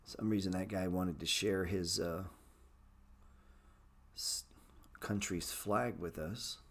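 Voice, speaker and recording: A middle-aged man with a somewhat low voice hosts a casual trading livestream. He talks bluntly and swears freely, lecturing the viewers who write in. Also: fairly even intonation, slow pace. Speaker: trading show host answering viewer chat.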